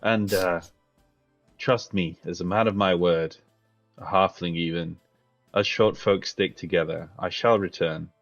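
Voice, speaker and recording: A man's voice: sits low, steady tone, a little slow, highs cut off, faint music behind. A man voicing a courtly male halfling bard with a flowery, theatrical way of talking.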